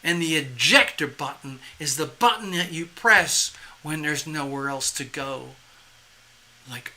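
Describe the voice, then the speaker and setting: In a mid-range voice at a measured pace, a tarot reader works through a live reading, rambling with lots of energy, performing the inner voices they talk about and chuckling at their own jokes.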